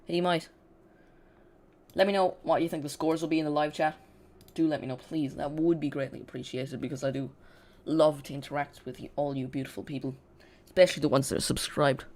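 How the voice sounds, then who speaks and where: Football watch-along host, chatty and loose, talks straight to the chat, mid-pitched voice. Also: steady tone, fairly quick, a little mellow. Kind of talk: casual live watch-along commentary.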